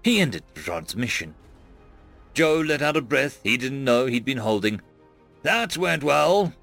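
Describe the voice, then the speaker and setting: A man's voice: mid-range voice, lively intonation, normal speed, a bit bright, soft background music. A man narrating a science fiction story in an audiobook style.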